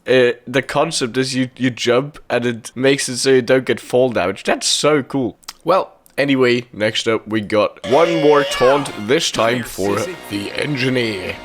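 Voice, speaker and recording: A man's voice: medium pitch, a little slow, few pauses, faint music behind. Chatty, enthusiastic young man. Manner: chatty, enthusiastic, laughs often. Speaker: video game YouTuber. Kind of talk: casual commentary.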